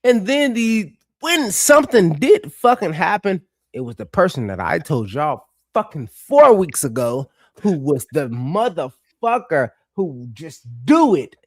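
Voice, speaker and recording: A man co-hosting a sports podcast, telling stories in a profane, animated way. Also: fairly high pitch, a little slow, few pauses, dry recording, studio quality. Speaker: podcast co-host. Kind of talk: casual sports chat.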